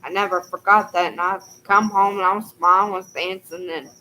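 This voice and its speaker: Woman, casual storyteller with a bright, crisp tone, folksy and rambling, faint crickets outdoors behind her. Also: medium pitch, steady tone, brisk, slight background noise, poor audio. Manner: rambling and folksy, full of "you know".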